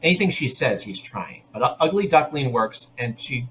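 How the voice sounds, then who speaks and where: A man's voice: medium pitch, normal speed, a little hiss or hum, poor audio. Man animatedly retelling a TV episode. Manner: animated storytelling with asides. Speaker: podcast host. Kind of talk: casual chat recapping a TV episode.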